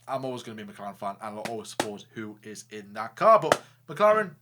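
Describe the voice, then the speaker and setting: A man co-hosting a casual racing talk show, joking, animated and stumbling over restarts. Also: fairly low pitch, quick pace, very noisy. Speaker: co-host. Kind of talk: casual chat.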